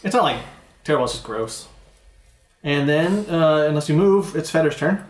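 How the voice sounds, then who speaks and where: A man's voice: a little high, animated, crowd noise. Roomy-sounding man running a tabletop game. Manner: slow, searching descriptions with restarts. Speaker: game master. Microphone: older home recording setup. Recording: echoey room, faint noise.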